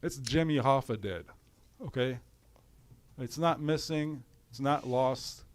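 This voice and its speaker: A man on a livestream, ranting in a profane, exasperated voice at a middle pitch. He sniffles with a runny nose as he complains. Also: slow. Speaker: livestream commentator. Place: home in cold weather.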